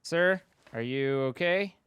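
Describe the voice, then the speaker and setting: A man's voice: fairly high pitch, slow, fairly bright tone, clear, resonant tone, no room sound. A man streaming a game, bantering and telling stories in a teasing, playful way. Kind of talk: casual gaming banter.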